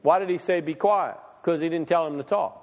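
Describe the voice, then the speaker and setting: High-voiced preacher in a reverberant hall. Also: male voice, steady tone, quick pace, a little mellow. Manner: rhetorical questions to the congregation, reading scripture aloud. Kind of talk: sermon.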